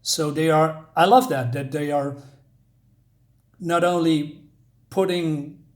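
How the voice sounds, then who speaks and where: A man's voice: a little high, fairly even intonation, slow pace. A man casually retelling a comic book story indoors, rambling, with many fillers. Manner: rambling, many fillers, reads quotes aloud.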